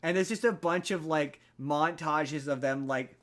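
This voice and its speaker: A man with a somewhat high voice rambles casually through a story, leaning heavily on fillers and restarts. He speaks as a podcast host in relaxed chat. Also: unhurried.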